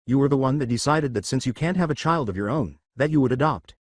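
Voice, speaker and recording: A man's voice: medium pitch, fast, no echo, clean studio sound, close to an everyday voice. A man voicing an old, scarred male battle lizard with a put-on French-like accent, stern and menacing. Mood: scolding.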